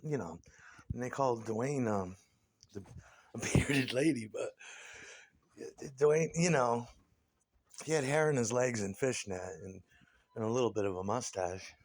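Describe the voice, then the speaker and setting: Man ranting in a casual interview, foul-mouthed and scornful, pitch swinging up and down a lot. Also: expressive, a little slow, long pauses.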